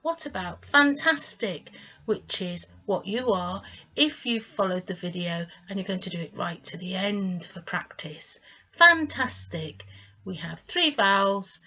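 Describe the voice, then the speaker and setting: A woman tutor teaching English pronunciation, sounding out syllables clearly and encouraging the learner. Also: medium pitch, moderate pace, fairly bright tone. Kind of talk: teaching phonics lesson to camera. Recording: slightly dull lo-fi sound.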